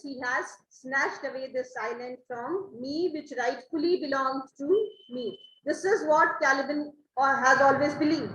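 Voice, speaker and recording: A woman's voice: high-pitched, lo-fi sound. Female teacher, patient line-by-line explainer; roomy, faintly noisy recording. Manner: paraphrases each line and checks with "right?". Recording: roomy echo, faint noise.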